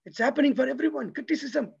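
A lecturer delivers a lively, preacherly motivational religious talk, repeatedly throwing rhetorical questions at his audience. His voice is very high and fast with vocal fry, and the audio sounds dull.

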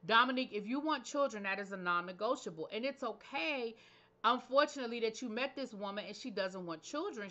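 A woman with a fairly high, bright and forceful voice recaps a TV episode in a chatty, opinionated way, full of slangy asides. She speaks as the host of her own review channel. The audio sounds slightly dull and lo-fi. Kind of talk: casual episode recap and commentary.

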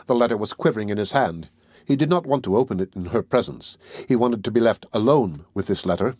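A man reading a classic novel aloud as an audiobook narrator, in a measured, even manner. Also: on the low side, slightly rough, dry recording, clean studio sound.

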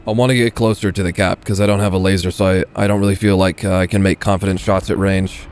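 A man's voice: low-pitched, little pitch movement, fast talker, darkish tone, clear, resonant tone. A man giving casual, swearing gameplay commentary as he plays, talking half to himself and half to viewers. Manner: muttering, swearing asides to viewers. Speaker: gaming video creator.

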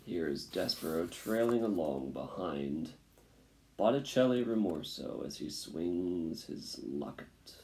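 A man reading a children's storybook aloud in a slow, dramatic, sometimes hushed way. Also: deep voice, lively intonation, a little hiss or hum. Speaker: audiobook narrator.

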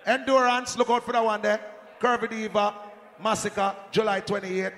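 A man with a Jamaican accent hyping a live dance as sound system selector, shouting and joking with the crowd over a handheld mic. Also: high voice, level tone, moderate pace. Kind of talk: live hype talk at a dance. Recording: echoey hall, faint crowd noise.

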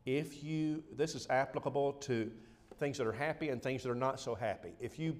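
A middle-aged man delivering a sermon at a lecture. He speaks in an ordinary pitch for a man and presses his points earnestly. He often repeats a word as he leans into what he is saying. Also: darkish tone. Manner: earnest, emphatic, repeats words when stressing a point. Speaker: preacher. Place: lecture hall.

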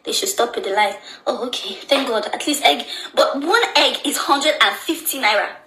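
Anxious Nigerian woman, bright voice. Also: on the high side, moderate pace, reverberant, rough recording. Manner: anxious, repeats phrases over and over. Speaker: social media personality. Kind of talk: emotional social media video.

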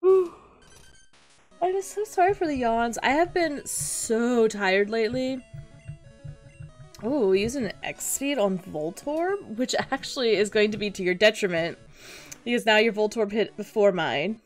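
A woman's voice: fairly high pitch, animated, measured pace, soft background music. Playful woman commenting on a game. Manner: chatty, playful, exclaiming often. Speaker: gaming channel host.

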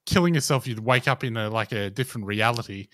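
Male co-host, mid pitch, wry quick quips, dry close mic. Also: a bit bright, no echo. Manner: quick, joking asides. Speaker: podcast co-host. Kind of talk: casual chat.

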